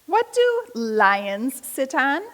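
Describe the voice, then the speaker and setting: A woman voicing a curious little frog in a read-aloud storybook, asking questions in a slightly lowered voice. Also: very animated, very slow, a bit bright, heavily acted. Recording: long hall reverb.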